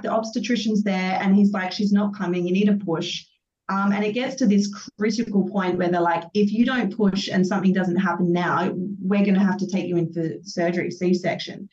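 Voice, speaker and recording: A woman in her thirties telling her own birth story as a podcast guest, acting out what was said in lively bursts. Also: medium pitch. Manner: animated storytelling, acts out her own quotes. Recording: distant, dull, roomy sound.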